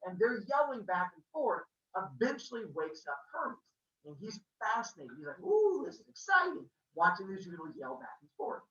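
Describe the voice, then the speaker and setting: Man telling a joking, animated story. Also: high voice, moderate pace, reverberant, recorded from a distance, lo-fi sound. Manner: casual, jokey, makes sound effects. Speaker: podcast host. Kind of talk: comedic mythology storytelling.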